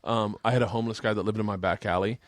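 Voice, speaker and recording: A man's voice: on the low side, very fast, no echo, studio quality. A man hosting a podcast, telling rambling stories in a casual chat, swearing freely and laughing as he talks. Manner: animated, profane, laughs while telling stories. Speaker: podcast host.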